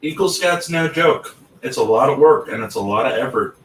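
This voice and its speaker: The podcast host here speaks at normal speed with a slightly high, fairly bright voice and lively intonation. He is blunt, swears a lot and keeps interrupting himself as he circles his points, recorded on a roomy, distant mic with faint ambience.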